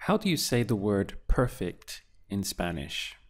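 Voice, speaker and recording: A man teaching a beginner language lesson, asking patient prompts and then giving clear model answers. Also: lowish voice, big pitch swings, unhurried. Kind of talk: slow, deliberate language lesson with pauses.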